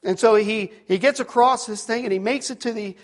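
Pastor, man in his 50s, higher-pitched voice, animated sermon delivery with loud peaks and hushed drops. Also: a little fast. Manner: animated storytelling, rising to shouts at peaks, dropping to near-whispers; self-deprecating asides.

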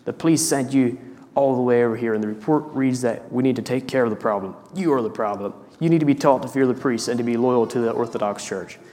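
Man voicing a hot-tempered sergeant in a story reading, barking orders, middle pitch, long echo of a large hall. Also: fast talker, dark tone, natural voice. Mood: impatient. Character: harsh, short-tempered male police sergeant.

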